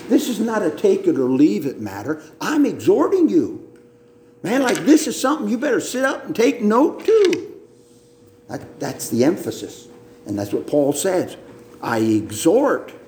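Emphatic preacher in an echoey room. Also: male voice, mid-range voice, mellow, slight background noise. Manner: emphatic, repeats words, slow deliberate teaching. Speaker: pastor. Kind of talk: sermon. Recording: roomy echo.

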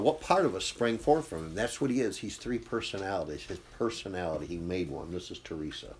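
An impassioned male preacher with a fairly low voice delivers a sermon. He swings between loud, urgent bursts and hushed, intense stretches. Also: a little hiss or hum.

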